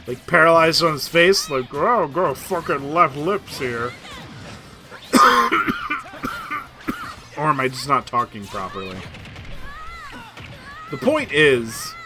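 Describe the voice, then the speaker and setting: A man's voice: mid-range voice, bright, forceful tone. A young man rambling through casual gaming stream commentary in a put-on voice, swearing freely and making fun of himself. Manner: rambling, profane, self-deprecating; playing up a put-on voice.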